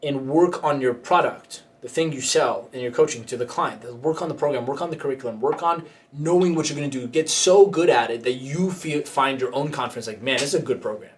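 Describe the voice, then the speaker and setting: A man's voice: medium pitch, fairly quick, recorded from a distance, a little hiss or hum. A man hosting a coaching podcast, talking in casual banter, joking and laughing often and slipping into mock voices while he gives advice.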